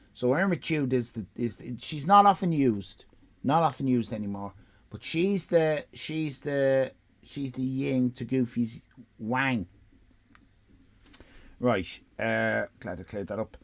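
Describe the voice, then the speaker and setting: Sarcastic Irish man with a lively voice. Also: mid-range voice. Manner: sarcastic, profane, rambling. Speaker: live streamer. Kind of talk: casual stream commentary.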